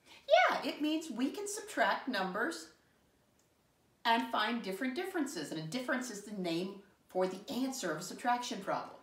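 A woman teaching a first grade lesson to young children, encouraging and upbeat, spelling words out slowly. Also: fairly high pitch, lively intonation, far from the mic. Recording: echoey room, voice from off mic.

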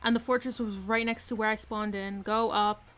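A woman streaming a game live from her room, excitedly commenting and repeating herself with hyped exclamations. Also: mid-range voice, normal speed. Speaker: gaming streamer.

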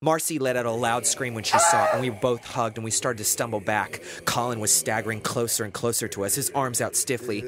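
A man narrating a first-person horror audiobook in an expressive, dramatic way. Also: mid-range voice, a little fast, hardly any pauses, over loud music.

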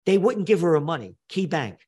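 An older New man tells his story in an interview, blunt and emphatic, hammering key phrases home. His voice sits a touch higher than most men's. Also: sing-song, brisk, a little mellow, slightly rough. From New York. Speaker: guest. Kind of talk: animated storytelling interview talk.

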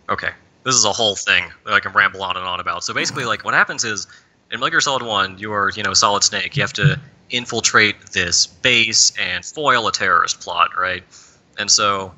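A man with a low voice and a very bright, forceful tone tells a meandering story on a podcast. His talk is loose and casual, filled with "like" as he rambles on. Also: fairly quick, rough recording. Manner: rambling storyteller, leans heavily on "like". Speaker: podcast panelist.

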